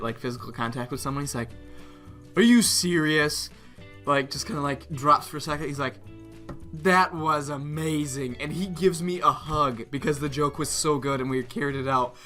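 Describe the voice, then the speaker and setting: A young man casually telling a prank story as a vlogger, laughing often and acting out what others said. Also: mid-range voice. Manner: animated, laughs often, reenacts others' lines.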